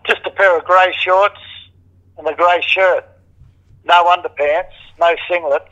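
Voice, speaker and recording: Old aussie bloke yarning about the old days, bit higher voice, kinda dull muffled recording, swears a lot. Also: male voice, steady tone, a little slow, pushed and bright. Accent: Australian. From Australia. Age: older. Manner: blunt, swears freely, acts out quoted voices. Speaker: interviewee, former criminal. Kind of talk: casual storytelling.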